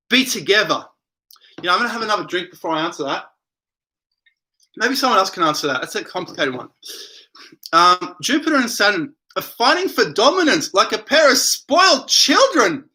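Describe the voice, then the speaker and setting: Reading viewer comments aloud, a man hosts a relaxed late-night livestream from his home and drifts into rambling responses. His voice is high and very bright.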